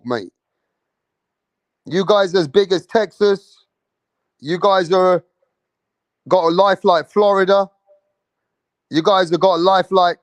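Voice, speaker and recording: On a dry recording, a high-voiced man hosts a casual livestream, rambling, cursing, and reading through comments from his viewers.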